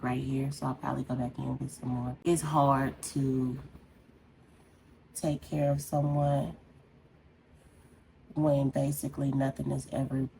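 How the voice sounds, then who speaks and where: Woman, beauty vlogger, unusually low voice, rambling heartfelt chat, noticeable background noise. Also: creaky. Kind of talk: casual venting while doing makeup.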